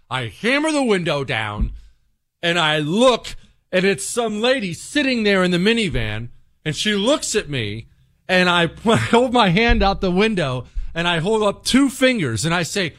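A middle-aged man hosting a talk radio show, telling stories in an animated, emphatic way with self-mocking asides. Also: fairly high pitch, a little slow.

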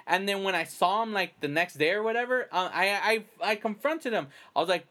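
A man's voice: high voice, animated, fairly quick, a bit bright. A man hosting a podcast in casual chat, rambling through a long personal story and acting out his own quoted remarks. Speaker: podcast host.

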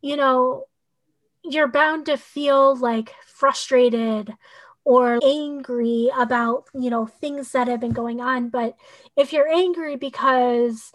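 A high-pitched woman chatting as a guest coach on a podcast, her voice sitting well above the usual range for a woman. She rambles loosely through her points, leaning on "like" and "you know" to keep the thoughts flowing. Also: fairly even intonation, slow pace. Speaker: human design coach. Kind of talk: casual podcast conversation.

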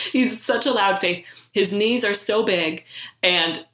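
A woman's voice: medium pitch, slow, a bit bright. Chatty woman cohost laughing and insisting she's right, roomy echo. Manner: laughing, teasing, emphatic. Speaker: podcast co-host. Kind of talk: casual chat.

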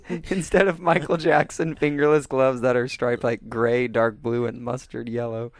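Podcast co-host, man, mid pitch, deadpan storyteller, dry mic. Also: moderate pace, no echo. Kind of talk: casual chat.

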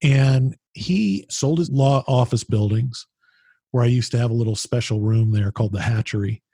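A man with a deeply husky, raspy voice tells rambling stories on a podcast, restarting sentences and getting animated as he goes. The sound is close and dry with no room around it. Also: normal speed, no echo. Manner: animated, rambling anecdotes with frequent restarts and mild swearing. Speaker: podcast guest, founder of a business mastermind group. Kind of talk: casual storytelling conversation.

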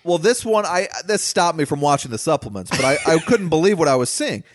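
A man's voice: fairly high pitch, animated, brisk, no room sound, clean studio sound. A man co-hosting a podcast, chatting casually and animatedly about movies and swearing freely. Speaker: podcast co-host.

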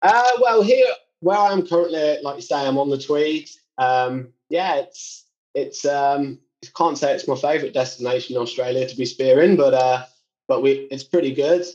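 A relaxed man with a Cornish accent, chatting as a guest and laughing often. His voice comes through a dull, lo-fi line at a middling pitch. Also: moderate pace. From England. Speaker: guest musician. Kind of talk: casual interview chat.

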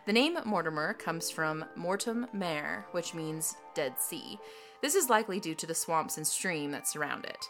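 A woman co-hosting a podcast, reading history facts in a lively way with jokey asides and laughter. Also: sits low, moderate pace, music in the background. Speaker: podcast co-host. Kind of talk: casual scripted podcast chat.

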